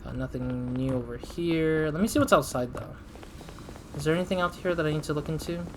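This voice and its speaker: Casual gaming host, fairly high voice, chatty and self-amused, faint hum behind. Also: male voice, brisk. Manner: chatty, laughs at himself, thinks aloud. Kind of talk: casual let's-play commentary.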